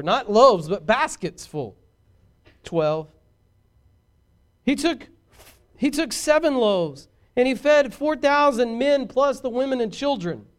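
A man preaching a sermon as pastor, swinging from shouted points to hushed asides and talking directly to his congregation. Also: extremely high pitch, clean tone.

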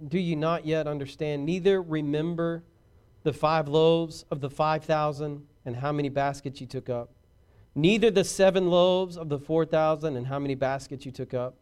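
A man preaching a sermon as pastor, swinging from shouted points to hushed asides and talking directly to his congregation. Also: on the high side, clear, resonant tone.

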